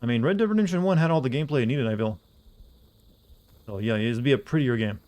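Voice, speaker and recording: A man streaming a video game, chatting casually to his viewers in a flat, deadpan way. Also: mid-range voice, fast talker. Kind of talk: casual live-stream commentary.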